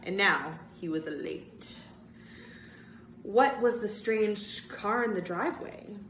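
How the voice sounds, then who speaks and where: A woman reads a spooky children's chapter book aloud, narrating with drama and feeling. Her voice is mid-pitched. The room gives it a noticeable echo. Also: animated, slow, a bit bright, recorded from a distance, a little hiss or hum. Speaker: story-time reader. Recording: roomy echo.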